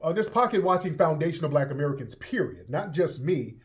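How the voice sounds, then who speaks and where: A man's voice: on the high side, very animated, a little fast. A man hosting a live call-in room, combative and repetitive, talking over his callers. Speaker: host.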